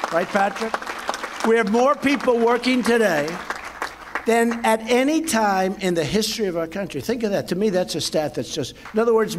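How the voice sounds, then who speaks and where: A man's voice: high voice, a little hiss or hum. A man in his seventies gives an off-the-cuff speech to a crowd, rambling, repeating himself and boasting in superlatives. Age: 70s. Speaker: speaker at a public event.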